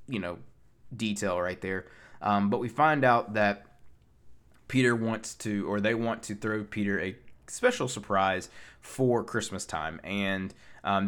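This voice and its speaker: A man's voice: lowish voice, fairly bright tone, smooth. A man recapping a film in a casual, rambling way, with many fillers and restarts. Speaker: pop culture reviewer.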